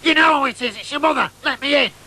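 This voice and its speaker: A man's voice: very high-pitched, fast, pushed and bright, pitched above the performer's own voice, full character voice. A man voicing a bossy, scolding mother in a comic monologue. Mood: cross. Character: stern scolding northern mum.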